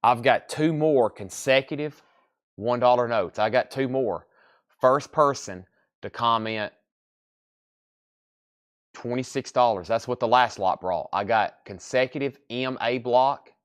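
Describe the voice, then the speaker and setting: A man's voice: mid-range voice, measured pace. Sleepy man running a live sale. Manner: folksy, chatty salesman patter, tired. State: sleepy, yawning. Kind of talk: live auction selling.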